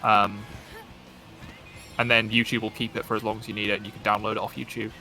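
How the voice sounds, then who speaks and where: A man with a bright, forceful voice chats casually while he plays a game. He rambles and jokes, restarting his sentences as he goes. Faint music plays behind him. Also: lowish voice, little pitch movement, quick pace, creaky. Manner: rambling, self-interrupting, joking. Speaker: streamer. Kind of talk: casual gaming chat.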